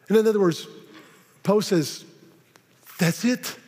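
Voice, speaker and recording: A man preaching a sermon, often repeating words and slowing down dramatically on key phrases. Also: high-pitched, a little mellow. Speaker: pastor. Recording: long reverb of a large hall.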